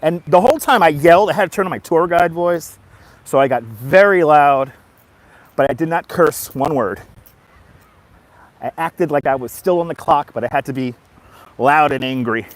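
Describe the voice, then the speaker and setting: A man's voice: on the high side, moderate pace, long pauses. A man telling a story on a casual livestream while walking outdoors on a boardwalk, greeting his viewers by name as he talks. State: tired after a nap. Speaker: vlogger.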